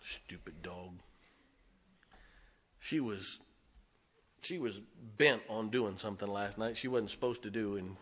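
Bright-toned preaching man, loud then hushed. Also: mid-range voice. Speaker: pastor. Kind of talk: sermon.

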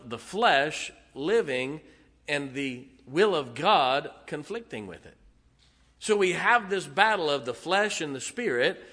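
A man's voice: medium pitch, fairly bright tone. Folksy preacher man in a reverberant hall. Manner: folksy, tells humorous stories, emphatic rhetorical questions. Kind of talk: sermon.

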